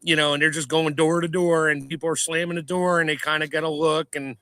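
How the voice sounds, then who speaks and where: A man in a casual podcast discussion, a lively storyteller who acts out scenarios in quoted voices. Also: on the high side, a little fast, dry recording.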